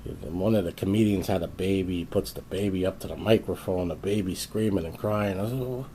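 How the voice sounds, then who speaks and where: A man with a fairly low, mellow voice tells a story in casual, exasperated fashion. He rants, stumbles and restarts as he vents to his channel's viewers. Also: brisk, a little hiss or hum. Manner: exasperated, ranting, lots of restarts. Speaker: YouTube host.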